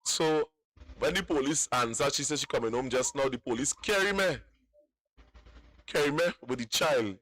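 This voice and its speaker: A man's voice: mid-range voice, normal speed, pauses often, fairly bright tone, no room sound. A man, calling in to tell a long personal story, rambling and repeating words. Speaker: caller.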